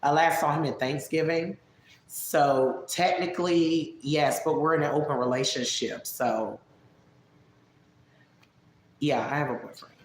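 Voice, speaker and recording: A hoarse woman hosting a livestream, candidly answering viewer questions in casual chat. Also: low-pitched, fairly even intonation, a little slow, long pauses, echoey room, slight background noise. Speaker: livestream host.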